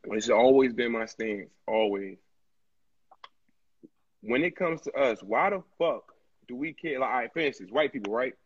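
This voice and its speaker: A man's voice: mid-range voice, lively intonation, normal speed, pauses often, husky. A man co-hosting a casual podcast chat, blunt and profane, ranting his opinions. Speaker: podcast co-host. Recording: dull lo-fi recording.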